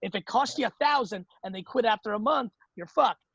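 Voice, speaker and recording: A man's voice: high-pitched, animated, a little fast, gravelly, fairly bright tone, husky, dry recording, highs cut off. A man hosting a call-in advice show, talking bluntly and emphatically with lots of profanity. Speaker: show host giving business advice.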